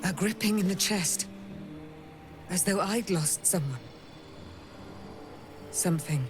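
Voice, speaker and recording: A grand, proud paladin. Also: female voice, fairly low pitch, slow pace, background noise. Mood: reflective. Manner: grand, declamatory, archaic phrasing. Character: proud, indomitable female paladin warrior.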